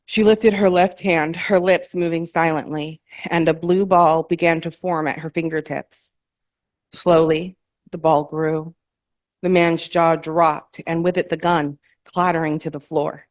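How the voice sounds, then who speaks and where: A woman at an open mic, reading her own novel aloud in a measured, careful way and correcting small slips as she goes. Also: low-pitched, little pitch movement, no room sound. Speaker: featured author at an open mic. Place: performance hall, in person.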